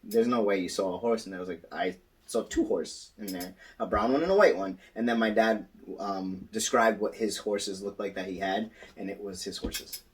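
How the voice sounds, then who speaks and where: A man co-hosting a laid-back podcast, telling a story with lively energy. He throws his voice up high for quoted lines. His voice sounds a bit distant from the microphone. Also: normal speed. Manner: animated storytelling, acts out quotes. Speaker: podcast co-host. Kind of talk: casual chat.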